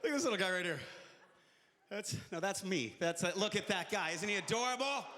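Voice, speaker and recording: A man's voice: high voice, expressive, a little fast, bright, forceful tone, long reverb tail, a little hiss or hum. A male comedian performing a stand-up set, punchy and chatty with the crowd.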